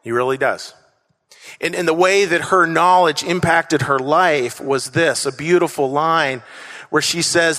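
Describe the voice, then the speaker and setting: Speaking a little high and at a measured pace, this pastor sounds bright and forceful as he delivers an earnest sermon. Standing on the church stage, he leads the crowd in call-and-response and keeps returning to key phrases, all captured in an echoing hall.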